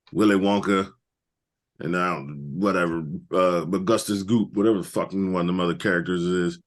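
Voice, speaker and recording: A man co-hosting a wrestling podcast, ranting crudely and jokingly about the show. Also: low-pitched. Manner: loud joking rants with crude slang. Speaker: podcast co-host. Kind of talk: profane comedic wrestling recap.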